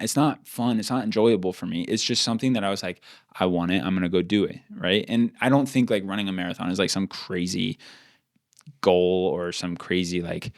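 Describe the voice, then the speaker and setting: A man co-hosting a podcast in casual chat, blunt and profane, ranting fast with lots of "like". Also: on the low side. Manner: fast rants with repeated "like". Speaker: podcast co-host.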